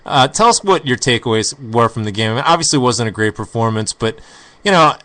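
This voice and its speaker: A man's voice: medium pitch, lively intonation, a little fast, sharp tone. A man hosting a casual podcast chat, talking in a hesitant, stammering way. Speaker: podcast host.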